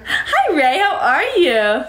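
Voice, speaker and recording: High-voiced, breezy woman live-streamer. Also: expressive, normal speed, fairly bright tone. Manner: breezy and upbeat, thanking viewers by name. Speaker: livestreamer. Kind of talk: casual live-stream chat reading out viewer comments. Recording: echoey room.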